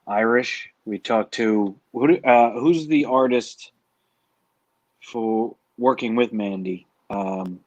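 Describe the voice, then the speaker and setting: A man co-hosting a casual late-night stream, rambling and riffing on the guests. His voice sits at a middle pitch. The sound is dry and a bit dull, like lo-fi stream audio. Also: slow pace, a little mellow, dry recording. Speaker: co-host.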